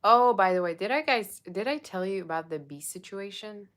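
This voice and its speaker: A woman's voice: mid-range voice, expressive, moderate pace, a bit bright. A woman reading tarot for her viewers in a casual, chatty way, checking in with them often. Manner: chatty, addresses viewers with frequent "okay?". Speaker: tarot reader.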